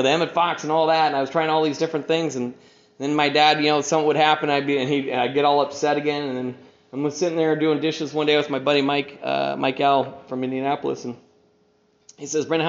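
A middle-aged man shares his recovery story at a meeting in a loose, rambling way, filling gaps with "you know" and acting out the voices of people he quotes. The sound is roomy and echoey. The recording is dull and lo-fi. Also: a little high. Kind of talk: personal recovery talk.

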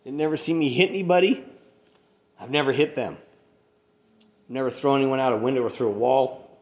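A man's voice: mid-range voice, a little fast. A middle-aged man giving a personal recovery talk at a meeting, rambling and conversational, with lots of "you know", acting out the people he quotes. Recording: roomy, dull lo-fi recording of a talk.

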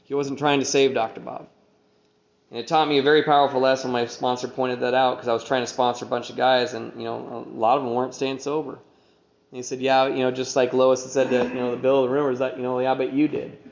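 A man's voice: mid-range voice, little pitch movement, brisk, gravelly. A middle-aged man giving a personal recovery talk at a meeting, rambling and conversational, with lots of "you know", acting out the people he quotes. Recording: roomy, dull lo-fi recording of a talk.

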